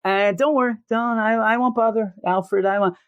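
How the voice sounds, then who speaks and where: Man doing a high jittery bat-man creature. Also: fairly even intonation, moderate pace, clean tone, lo-fi sound. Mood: pleading. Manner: babbling, keeps repeating himself. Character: jittery male bat-man, nervous rambling.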